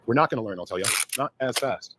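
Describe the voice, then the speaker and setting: A man's voice: mid-range voice, lively intonation, quick pace, fairly bright tone. A man ranting casually on a stream, talking in a loose, hesitant way with many fillers. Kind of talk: casual rant.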